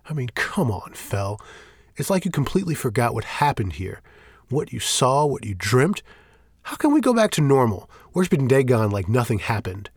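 A man's voice: medium pitch, big pitch swings, moderate pace, slightly rough, no echo, pitched above the performer's own voice. A man voicing an agitated, defiant male priest who argues heatedly and slips into raised whispers. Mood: heated defiance.

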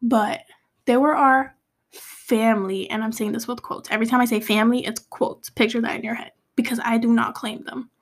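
A young woman from Cape Verde talks through a hurtful chapter of her life in a loose, confessional vlog style. Her voice sits a touch high. She rambles with fillers and restarts and drops to a hushed whisper here and there. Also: fairly even intonation, moderate pace. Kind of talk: casual confessional storytelling.

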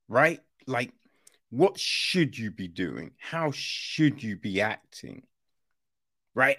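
A man's voice: medium pitch, fairly bright tone. A man giving a casual spoken film review, often tagging his points with "right?" and "you know". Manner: conversational, keeps asking "right?"; swears casually.

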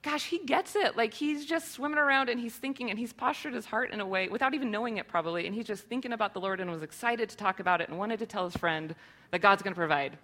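A woman's voice: mid-range voice, quick pace, fairly bright tone. A woman in her thirties giving a sermon to her church, earnest and conversational, with many rhetorical questions. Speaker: church speaker.

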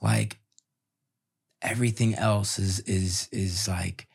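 Gravelly-voiced man telling a heartfelt story. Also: sits low, fairly even intonation. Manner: heartfelt, halting, many restarts. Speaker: podcast guest, entrepreneur. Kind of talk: emotional personal storytelling.

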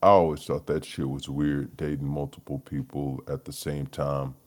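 Very deep-voiced man ranting casually. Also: little pitch movement, moderate pace. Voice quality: profane, rambling, laughs often. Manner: low-energy, mumbling, trailing off. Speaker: podcast host. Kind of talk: solo casual rant.

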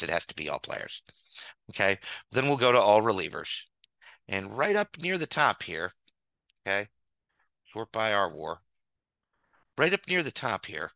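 A man's voice: lowish voice, sharp tone, no echo, low-quality recording. A man hosting a show, ranting with theatrical mock anger over slides and repeating his points for emphasis. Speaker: host.

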